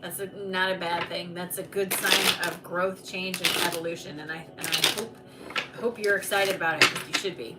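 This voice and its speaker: A woman's voice: fairly low pitch, steady tone, moderate pace. A woman hosting a live oracle card reading stream, chatty and reassuring, talking to viewers by name. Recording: distant mic with background noise.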